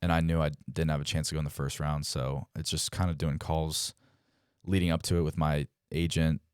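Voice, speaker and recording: On a podcast, a pro baseball player in his twenties tells casual stories a little fast, his bass voice clear and resonant. He's animated, acts out quoted dialogue, and leans on "like" a lot. The sound is clean studio audio with no room sound.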